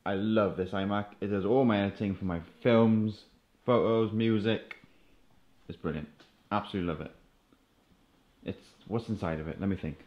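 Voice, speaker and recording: A man's voice: lowish voice, moderate pace, pauses often, dull audio. A man casually showing off his gaming setup in his room at home, talking in a laid-back, rambling way. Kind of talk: casual show-and-tell.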